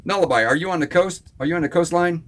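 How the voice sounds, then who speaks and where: Streaming live from his home studio, this Florida man is a musician who talks casually with his viewers, relaxed and quick to laugh. His voice sits on the high side.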